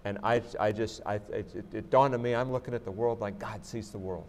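A man with a fairly low voice speaks thoughtfully to a museum audience, circling back and restarting as he searches for words. He answers questions as a guest astronaut, and a faint hiss sits under the recording. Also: fairly even intonation, brisk, darkish tone. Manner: reflective, with many restarts and "you know". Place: museum auditorium.

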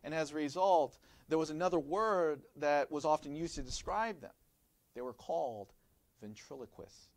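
A male pastor with a voice on the high side preaches at a moderate pace, teaching and explaining as he frequently poses rhetorical questions to his listeners. There's no echo on the recording.

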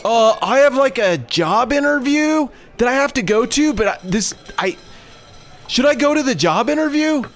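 A man's voice: lively intonation, normal speed, fairly bright tone, soft background music. A man voicing a nervous, awkward young man who talks in a flustered, rambling way. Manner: flustered, rambling, high-pitched.

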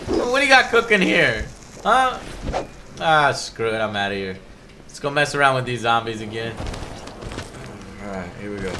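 A man hosting a gaming video, giving casual gameplay commentary that swings into excited, profane shouting. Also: mid-range voice, normal speed, long pauses, a little hiss or hum.

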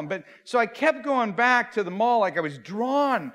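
Animated, high-voiced middle-aged male pastor. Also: normal speed. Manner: animated storyteller, acts out quoted voices, self-mocking. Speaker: pastor speaking to youth leaders. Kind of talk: humorous conference talk. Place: large conference hall.

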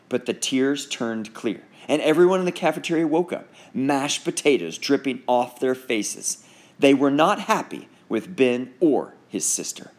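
A man reading a children's book aloud in an expressive, animated narration. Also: mid-range voice, unhurried. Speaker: audiobook narrator.

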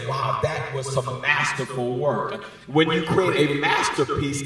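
A pastor preaching a sermon, calling on the congregation to answer back and building from soft talk to shouts. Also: male voice, medium pitch. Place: church sanctuary. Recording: echoey sanctuary from far off, faint music.

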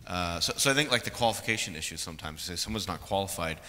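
A man's voice: deep voice, expressive, fast, sharp tone. A panelist, a man who speaks hesitantly and searches for his words. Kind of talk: panel discussion. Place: large conference hall. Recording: reverberant hall with faint noise.

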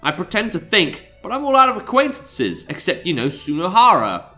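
Man, let's play host, very animated high voice, game music faint behind. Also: brisk. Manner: swings between reading lines aloud and joking asides, laughs often. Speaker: let's play host reading a visual novel aloud. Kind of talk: casual let's play commentary with read-aloud voices.

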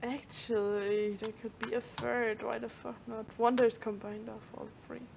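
A woman's voice: on the high side, flat delivery, normal speed, gravelly, a little mellow, highs cut off, slight background noise. A woman gamer in casual chat, swearing casually and acting mock-annoyed.

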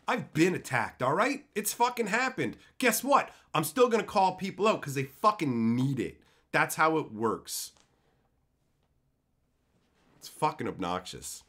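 A man's voice: mid-range voice, very animated, normal speed, fairly bright tone. A man with a Canadian accent ranting on a live stream, profane and heated as he talks to his viewers.

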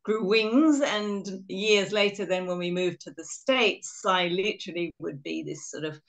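A middle-aged woman from England gives a webinar talk over a video call, her voice on the low side for a woman. She tells stories in a chatty, self-deprecating way. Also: measured pace. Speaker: guest speaker.

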